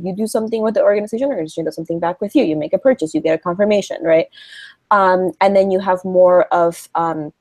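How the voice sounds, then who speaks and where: A woman's voice: fairly low pitch, a little mellow, no room sound. Chatty young woman, dry close sound. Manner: chatty, thinks aloud with many ums and "right?". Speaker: guest, email marketer. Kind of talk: casual chat.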